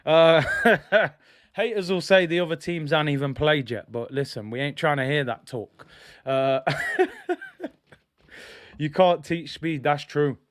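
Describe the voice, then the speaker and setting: A young man streams his own running commentary on a football match. His voice sits high for a man, and he talks straight to his viewers in slangy fan chatter. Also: a little slow, pauses often. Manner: animated fan, shouts and exclaims when play goes wrong. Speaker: football watch-along streamer.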